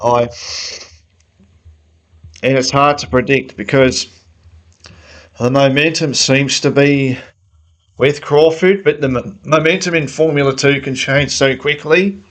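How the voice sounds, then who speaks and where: A man's voice: medium pitch, fairly even intonation, unhurried, pauses often, fairly bright tone, poor audio. A man giving a casual, opinionated motorsport analysis, thinking aloud in a conversational way. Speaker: motorsport fan commentator. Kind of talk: casual sports analysis monologue.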